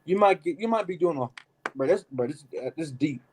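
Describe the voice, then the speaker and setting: A man leading a casual, animated Bible study, reading verses and adding emphatic asides like "man" and "right?". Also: fairly high pitch, a little fast, slight background noise, poor audio. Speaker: Bible teacher. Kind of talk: street-style Bible study preaching.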